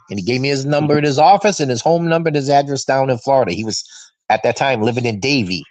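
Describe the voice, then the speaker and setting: Brief: fifties man from Massachusetts, lively fan-show storyteller, mid-pitched, dry sound. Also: quick pace, dry recording, poor audio. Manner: animated storyteller who acts out quoted voices. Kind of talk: casual storytelling chat. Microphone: video call.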